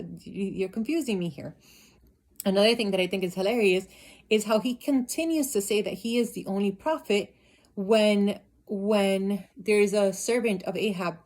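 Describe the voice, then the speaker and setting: A woman's voice: mid-range voice, a little mellow. Chatty woman vlogging about her Bible reading. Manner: chatty and amused, retelling stories with lots of "like". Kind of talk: casual Bible commentary vlog.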